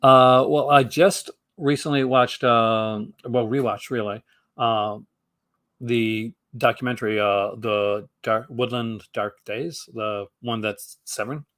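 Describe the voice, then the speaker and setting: A man's voice: medium pitch, fairly even intonation, slow pace, a bit bright, no room sound. A man from Canada with a Canadian accent, chatting as a guest on a live stream, enthusiastic and rambling with lots of fillers and restarts. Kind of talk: casual chat.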